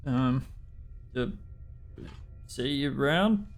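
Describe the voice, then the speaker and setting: An Australian man running a tabletop game as dungeon master, unhurried and fumbling with the software between rulings. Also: medium pitch, lively intonation, faint music behind.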